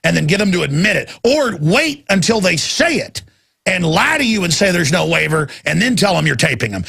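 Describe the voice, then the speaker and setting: Gravelly, ranting male radio host. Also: high voice, very animated, brisk. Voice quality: gravelly, husky. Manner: fiery, ranting, bursts into shouting. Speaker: radio talk show host. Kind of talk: ranting call-in radio talk.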